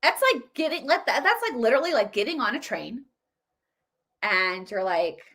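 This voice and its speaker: A woman's voice: on the high side, very animated, normal speed, a bit bright. A woman giving casual political commentary, emphatic and repeating her points. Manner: emphatic, repetitive.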